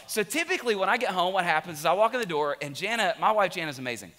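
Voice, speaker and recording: A man preaching a sermon as pastor, animated and joking at times, then quiet and confessional. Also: high-pitched, racing, few pauses. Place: large church auditorium. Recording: long reverb of a big hall.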